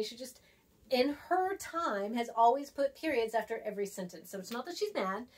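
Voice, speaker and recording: Chatty woman teacher, slightly high voice. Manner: chatty, acts out texts in voices; writes on a board while talking. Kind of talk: casual classroom lesson.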